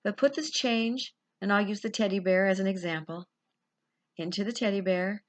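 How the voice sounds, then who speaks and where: A woman life coach speaking slowly and soothingly as she leads a guided meditation. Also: mid-range voice.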